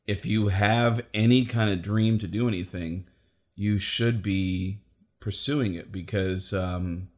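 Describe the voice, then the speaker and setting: A man, a comedian and impressionist, telling a story in a casual, animated way. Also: fairly low pitch, slow pace. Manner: animated, acts out the voices of people in his stories.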